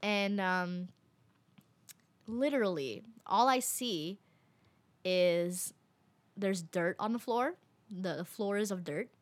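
A young woman telling a travel story to her viewers in a casual, animated way, full of fillers and little laughs. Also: medium pitch, slow pace, long pauses, no room sound. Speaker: vlogger.

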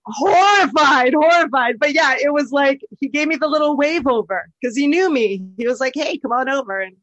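A woman from Canada chatting casually and telling a lively story. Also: high voice, a little fast, no echo, lo-fi sound. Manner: lively, laughs often, swears casually. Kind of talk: casual chat.

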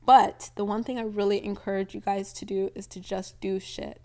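A woman's voice: mid-range voice, level tone, normal speed, a little mellow. A twenty-one-year-old woman hosting a casual solo podcast, chatty and rambling, with lots of "like" and little laughs. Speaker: podcast host. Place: home, near a balcony.

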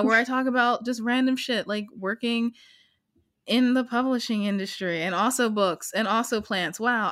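A young woman co-hosting a podcast, chatty and self-mocking, talking in quick bursts. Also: medium pitch, sharp tone. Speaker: podcast co-host. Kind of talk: casual chat.

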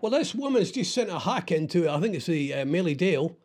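A middle-aged man hosting a radio show, rambling in casual chat with lots of halting restarts and self-deprecating asides. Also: sits high, very animated, darkish tone. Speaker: radio host.

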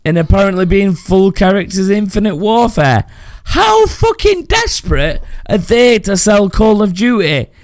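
A man's voice: high-pitched, big pitch swings, moderate pace, hardly any pauses, no room sound, studio quality. A man hosting a casual podcast, ranting brashly and swearing freely. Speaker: podcast host.

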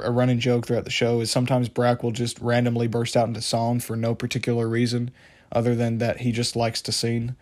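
A man's voice: medium pitch, a little mellow. A man talking casually and at length about a favorite cartoon, rambling with many fillers and restarts. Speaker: show reviewer. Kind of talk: casual monologue review.

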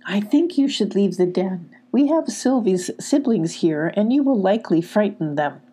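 A woman's voice: mid-range voice, animated, moderate pace, dark tone, husky. A woman voicing Molly, a polite and somewhat fussy female animal in a storybook.

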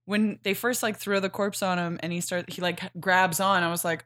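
A woman's voice: fairly low pitch, moderate pace. A woman co-hosting a podcast, laughing often as she chats casually about a comic. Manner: giggly, lively reactions. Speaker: podcast co-host.

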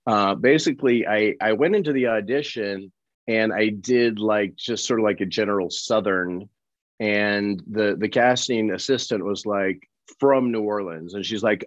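A man from Colorado, a guest actor telling lively anecdotes in an interview and acting out the people he quotes. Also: lowish voice, normal speed, no echo, muffled recording. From Colorado, USA. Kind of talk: animated storytelling in an interview.

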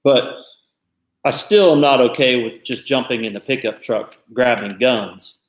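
Male co-host, average pitch, halting thoughtful delivery, echoey room. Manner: thoughtful, halting, restarts often. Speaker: podcast co-host. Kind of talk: casual discussion.

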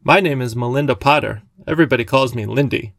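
A man voicing a chatty, candid seven-year-old girl who speaks brightly and eagerly. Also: mid-range voice, fast, vocal fry, no echo, clean studio sound.

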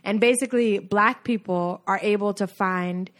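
A woman co-hosting a podcast, retelling a TV sketch in an animated, profane way during casual chat. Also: mid-range voice, moderate pace. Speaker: podcast co-host.

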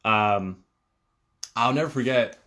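A man's voice: mid-range voice, slow, sharp tone. A man hosting a solo podcast, talking casually in a rambling way with frequent fillers and restarts. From Connecticut, USA. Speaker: podcast host.

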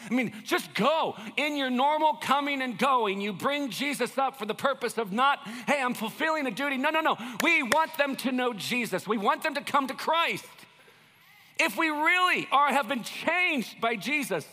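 A male pastor giving a conversational sermon with jokes, moving between loud bursts and quiet asides. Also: very high voice, expressive, normal speed, long reverb tail.

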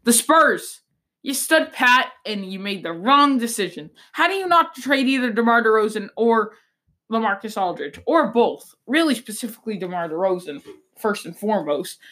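A woman's voice: a little high, lively intonation, normal speed, fairly bright tone. A woman hosting a sports podcast, giving blunt, opinionated takes in a loose, rambling way with frequent restarts. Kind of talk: casual sports talk.

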